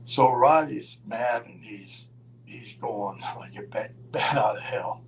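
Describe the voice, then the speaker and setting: An older man telling a long, rambling road anecdote in a casual live chat, chuckling and halting as he goes. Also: mid-range voice, vocal fry, a little hiss or hum, poor audio. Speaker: guest storyteller.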